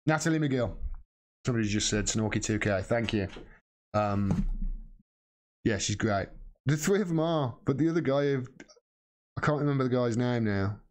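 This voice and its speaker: Man, livestream host, blunt, impassioned, swears a lot, mid-pitched voice. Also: moderate pace, pauses often, darkish tone. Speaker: livestream host answering viewer questions. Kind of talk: casual live stream chat.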